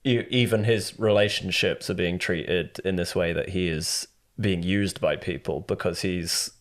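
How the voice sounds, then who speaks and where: A man's voice: sits low, a little slow. A man co-hosting a film podcast in casual chat, talking in a thoughtful, analytic way with hesitant restarts. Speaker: podcast co-host.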